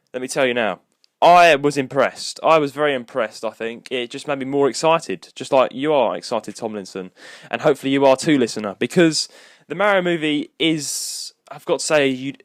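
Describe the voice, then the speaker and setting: A man's voice: mid-range voice, moderate pace, no echo, studio quality. A young man, hosting a solo podcast episode in a rambling, casual chat with lots of restarts. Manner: rambling, with many restarts and fillers. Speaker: podcast co-host.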